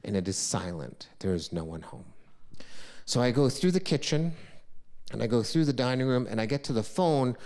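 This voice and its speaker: A middle-aged man from the United States telling a true story on stage, animated, swinging from loud outbursts to hushed lows. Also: moderate pace. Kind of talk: live solo storytelling performance.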